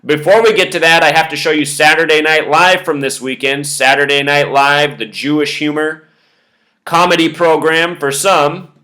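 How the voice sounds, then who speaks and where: Male host delivering a step-by-step lecture to camera; bright, sharp voice. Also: on the high side, steady tone, moderate pace. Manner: lecturing, spelling out numbers step by step. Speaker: video host. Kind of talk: monologue commentary to camera.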